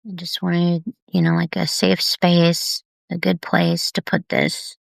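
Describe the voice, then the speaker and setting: A woman talking openly and tenderly on a live video about heavy times, unhurried and confiding. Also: fairly low pitch, completely flat delivery, creaky, no echo. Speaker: artist sharing on a live video. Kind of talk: candid personal live stream.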